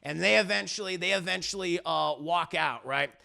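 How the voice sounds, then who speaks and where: Man, high voice, gravelly, bright, casual rambling recap, swears a lot. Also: moderate pace. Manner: profane, rambling, jumps into character voices. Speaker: music reviewer recapping a show to chat. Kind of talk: animated casual recap with acted-out quotes.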